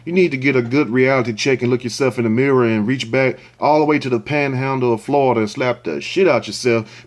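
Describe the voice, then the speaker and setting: A man hosting casual video commentary, talking in a rambling, blunt, folksy way. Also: medium pitch. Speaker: host.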